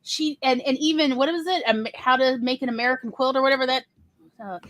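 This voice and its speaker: A woman hosting a casual panel chat, talking in an animated, digressive way. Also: sits high, fast talker, slight background noise. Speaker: host.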